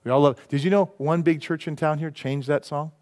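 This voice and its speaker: A male pastor preaching a sermon in a church, rising to loud emphatic peaks and dropping to quiet, earnest lines. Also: on the high side, steady tone, brisk. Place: church sanctuary.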